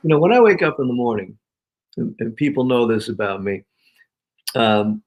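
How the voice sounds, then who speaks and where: A man in his sixties, a speaker and author, telling stories in an interview in a lively, slangy, emphatic way and laughing often. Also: medium pitch, normal speed. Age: 60s. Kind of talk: animated storytelling in an interview.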